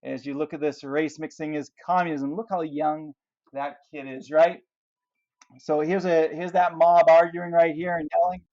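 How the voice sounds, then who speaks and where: Guy teaching history, kinda high voice, dull lo-fi sound, lots of rhetorical questions. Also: level tone, moderate pace, darkish tone. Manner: explanatory, asks rhetorical questions, points to pictures. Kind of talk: classroom history lecture.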